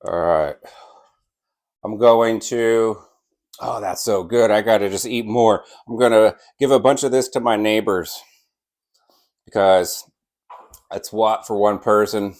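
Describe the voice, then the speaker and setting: Slow-talking low-voiced man tasting barbecue. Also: fairly even intonation, a little mellow. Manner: enthusiastic, savoring the food, talking with mouth full. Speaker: barbecue channel host. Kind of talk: casual cooking vlog while slicing and tasting.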